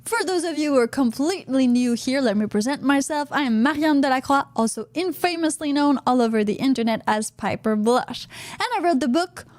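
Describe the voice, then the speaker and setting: High-voiced chatty woman podcast host. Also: expressive, a little fast, darkish tone, dry recording. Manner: chatty, frequent "uh-huh" affirmations. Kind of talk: casual podcast chat. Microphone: studio podcast mic.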